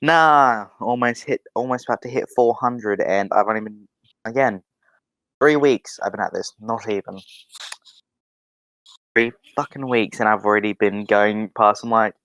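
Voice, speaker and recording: Swearing young man, smooth voice. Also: on the low side, normal speed, fairly bright tone, no echo. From Australia. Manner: rambling, swears a lot, many restarts. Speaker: podcast guest. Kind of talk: casual chat.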